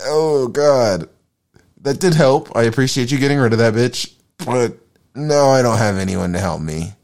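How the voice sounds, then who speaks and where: A man voicing a humble, suffering male believer who prays in a meek, halting, apologetic way. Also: mid-range voice, darkish tone, pitched above the performer's own voice, close to an everyday voice. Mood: grateful.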